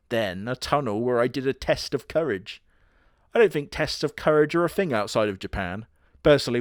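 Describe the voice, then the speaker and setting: A man's voice: medium pitch, no room sound, clean studio sound. A young man giving sardonic, crude comedic commentary, now and then putting on voices for quoted characters. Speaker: host.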